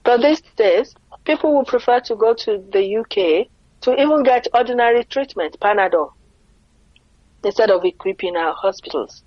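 A woman speaking earnestly in a conversational interview, explaining her view and pausing to rephrase. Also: fairly high pitch, lively intonation, dry recording, lo-fi sound.

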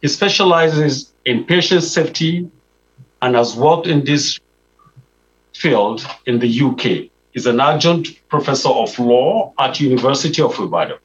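A man's voice: mid-range voice, expressive, a little slow, muffled recording. A man hosting a medical talk show, introducing guests formally. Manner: formal and welcoming. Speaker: host.

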